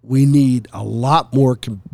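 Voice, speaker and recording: Gravelly guy on a sports podcast, frustrated, stretches his words out, dry sound. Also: mid-range voice, steady tone, a little mellow, dry recording. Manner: exasperated, drawn-out emphatic delivery. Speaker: podcast co-host. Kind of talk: casual sports debate.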